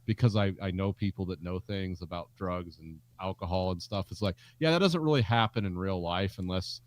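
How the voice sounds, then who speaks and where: A middle-aged man chatting casually on a film podcast, rambling through jokey asides with plenty of fillers. His voice sits fairly low and sounds dry and close, with no room around it. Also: a little fast, no echo. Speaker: podcast co-host.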